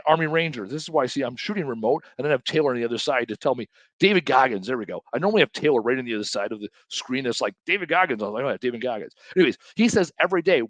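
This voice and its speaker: A man's voice: mid-range voice, quick pace, no echo. A man hosting his own show, giving a casual motivational talk and acting out quotes from other people in his own voice. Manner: animated, acts out quotes in different voices. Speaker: host.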